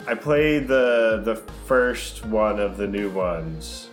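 A man's voice: fairly low pitch, animated, takes it slowly. Easygoing man in an echoey room. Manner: short agreeing replies, easygoing. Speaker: podcast co-host. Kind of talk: casual chat. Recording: echoey room with faint music.

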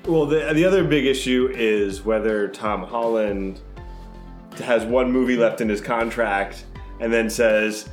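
Man, mid-pitched, easygoing podcast chat, roomy echo, faint music. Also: measured pace. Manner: short agreeing replies, easygoing. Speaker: podcast co-host. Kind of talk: casual chat. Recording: echoey room with faint music.

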